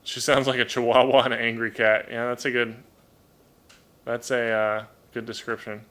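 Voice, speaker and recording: A man's voice: medium pitch, flat delivery, normal speed, fairly bright tone. A man chatting casually on a live stream from his home at a desk microphone, talking about his birds, often repeating words as he thinks. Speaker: livestream host and toucan keeper. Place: home room.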